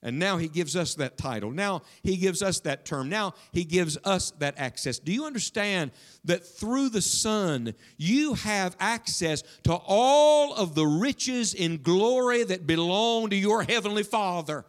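High-voiced preacher with dramatic swings. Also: male voice, expressive, unhurried. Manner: preaching with sweeping swings between loud emphasis and hushed asides. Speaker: pastor. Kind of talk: sermon. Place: church.

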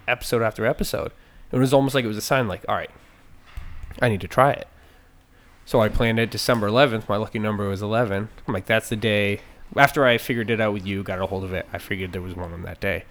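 A man on a podcast talks in a somewhat low voice, still out of breath from the stairs. He chats along easily, padding his sentences with ums and "you know what I mean.". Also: fast talker, a bit bright. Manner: chatty, filler-heavy, breathless after stairs. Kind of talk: casual podcast chat.

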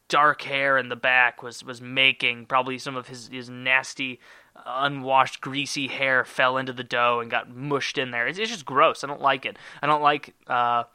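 A man's voice: medium pitch, sharp tone, smooth, dry recording, studio quality. A man hosting a solo podcast, ranting in a rambling, sarcastic and profane way. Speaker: podcast host.

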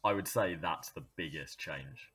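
A man chatting as a guest on a gaming podcast, animated and quick to joke. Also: very deep voice, slightly rough. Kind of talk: casual gaming chat.

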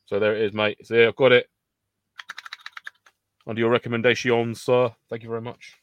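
A man's voice: mid-range voice, level tone, a little fast, clear, resonant tone, muffled recording. Jokey man bantering. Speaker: podcast co-host. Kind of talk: casual chat.

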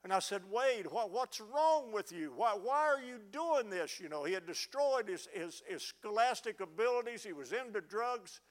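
A man's voice: sits high, lively intonation, moderate pace, hardly any pauses. A middle-aged man preaching a fervent sermon, often stammering as he restarts words. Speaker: pastor. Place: church sanctuary.

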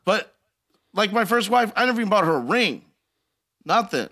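Podcast host, male, animated and bright, profane storyteller. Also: high voice, normal speed. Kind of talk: casual podcast banter.

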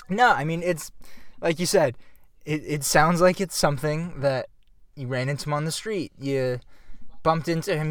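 A man's voice: medium pitch, fairly bright tone, clear, resonant tone, no echo. A man co-hosting a casual comedy podcast, joking sarcastically and spinning silly bits. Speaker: podcast co-host.

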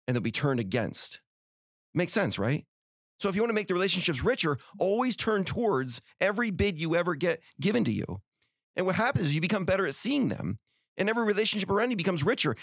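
Here a middle-aged man with a fairly high-pitched voice hosts a podcast, recorded with clean studio sound and no room noise. He delivers an earnest, folksy pep talk full of rhetorical questions.

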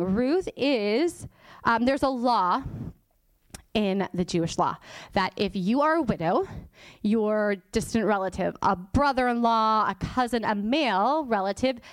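A woman's voice: on the high side, no echo. Chatty woman preaching a sermon. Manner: chatty and informal, laughs often, drops to a whisper for emphasis. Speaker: guest church teacher. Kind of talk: conversational sermon.

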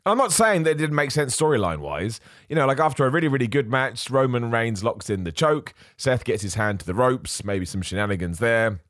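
A man's voice: medium pitch, a little fast, few pauses, no echo, studio quality. A man hosting a podcast, chatting casually and animatedly, often correcting himself mid-sentence. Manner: animated, self-correcting, mocks other voices. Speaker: podcast host. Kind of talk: casual wrestling opinion chat.

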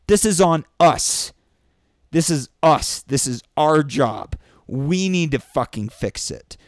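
A man in a profane political rant, angry and sweary, breaking into shouted bursts, recorded indoors. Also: on the high side, lively intonation, slow, dry recording, clean studio sound. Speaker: vlogger. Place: indoors during a thunderstorm.

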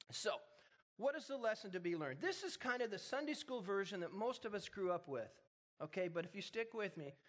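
A high-pitched man delivering a sermon. He retells the story in a relaxed, joking way, then presses his points with emphatic, rising urgency. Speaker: pastor.

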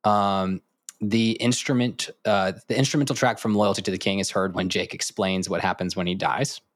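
A man with a very low voice co-hosts a casual podcast, rambling through trivia with plenty of ums. His voice sounds dry and close to the mic. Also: fairly even intonation, moderate pace, dry recording. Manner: rambling, filler-heavy delivery of trivia. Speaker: podcast co-host. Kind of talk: casual chat.

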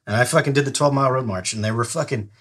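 A man's voice: mid-range voice, racing, fairly bright tone, slightly rough. A middle-aged man, a retired soldier, telling a long story in casual, profane podcast talk, often laughing as he goes. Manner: profane, laid-back, laughs through his stories. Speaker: podcast guest, retired Army Ranger.

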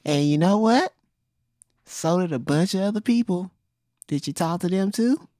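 A woman playing an improvised comedy scene, telling a story in a playful, deadpan way. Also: on the low side, normal speed, no room sound, studio quality. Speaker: improv player.

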